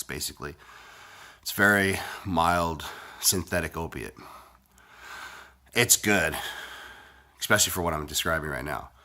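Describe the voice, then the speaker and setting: A man with a low voice that still has a bright, forceful edge rambles through a crude story. He sounds sick and congested, swears constantly, and talks bluntly in a casual way. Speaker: vlogger.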